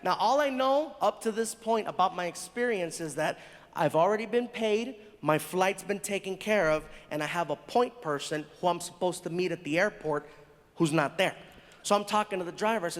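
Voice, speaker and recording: A man telling stand-up comedy stories in an animated way, acting out the people in them. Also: high-pitched, normal speed. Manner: animated, acts out characters. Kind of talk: stand-up storytelling. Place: stage in a large venue. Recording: live show with long hall reverb.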